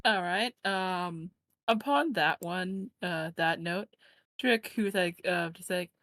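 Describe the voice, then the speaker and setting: A woman's voice: on the low side, takes it slowly, gravelly, a bit bright, no echo. A woman playing in a tabletop game, hesitant with many fillers. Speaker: player.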